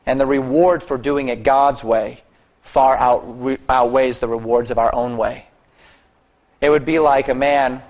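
A man's voice: mid-range voice, rough recording. A man preaching a sermon as pastor, earnest and exhorting, often dropping his voice for emphasis.

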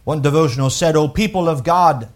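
A man preaching a sermon with emphatic swings from loud declarations to hushed, drawn-out lines, repeating words as he works through a thought. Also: a little high. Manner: unhurried, deliberate, with pauses and repeated words. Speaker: pastor.

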